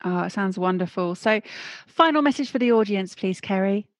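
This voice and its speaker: A woman's voice: medium pitch, animated, moderate pace, dry recording. A woman hosting an interview show, effusive and openly moved by her guest's story. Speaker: podcast host. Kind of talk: interview chat.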